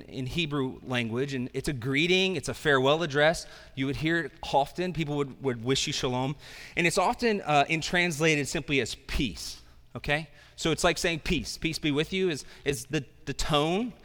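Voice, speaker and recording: A man with a bright, slightly high voice preaches a sermon as pastor. He talks in a conversational way and drops self-deprecating asides. His voice rings with the long echo of a church hall.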